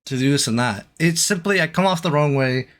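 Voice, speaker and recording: A male streamer giving a hesitant, halting apology, full of restarts and fillers. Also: a little high.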